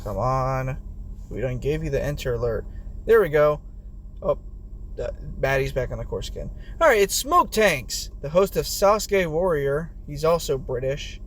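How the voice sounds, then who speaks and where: A man giving casual play-by-play commentary on a game competition, excitable and swearing, yelling when players fall. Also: on the high side, normal speed, slight background noise.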